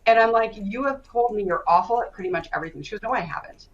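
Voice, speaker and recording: A woman coach speaking in an online session, telling stories with lively quoted dialogue. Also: medium pitch, fast talker, dull audio. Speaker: stress coach and guest speaker. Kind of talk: animated storytelling in an online session.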